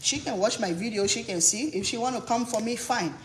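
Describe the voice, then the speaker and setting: A woman's voice: on the high side, brisk. Indignant woman ranting on a livestream. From Africa. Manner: indignant, emphatic, repeats phrases. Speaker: cooking channel host on a live stream. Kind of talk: heated livestream rant. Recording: echoey room, faint background noise.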